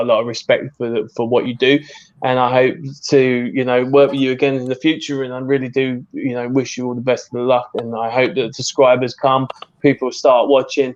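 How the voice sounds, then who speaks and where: A man's voice: medium pitch, darkish tone, highs cut off. A man with a British accent, a guest in a casual chat, laughing often, swearing and restarting his sentences. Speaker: guest reviewer.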